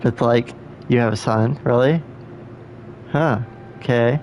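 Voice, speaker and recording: A man's voice: medium pitch, takes it slowly, a little mellow, slight background noise. A man streaming a game, making wry, joking asides in casual commentary.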